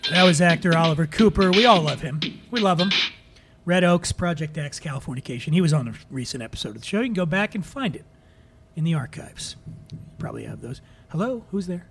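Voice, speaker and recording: A man's voice: a little high, expressive, quick pace, creaky, fairly bright tone, soft background music. A man from Philadelphia hosting a drinks podcast, jokey and profane as he reviews bottles. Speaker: podcast host. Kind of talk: casual podcast monologue.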